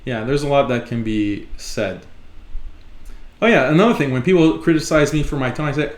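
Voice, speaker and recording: A man's voice: medium pitch, moderate pace. Emphatic man in an echoey room. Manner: emphatic, repeats points for stress. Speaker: host of a live online talk show. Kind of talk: live solo commentary.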